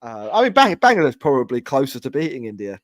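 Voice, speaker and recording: A man's voice: mid-range voice, very animated, fast. A man hosting a podcast in casual chat, joking and laid-back, with plenty of fillers. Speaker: podcast host.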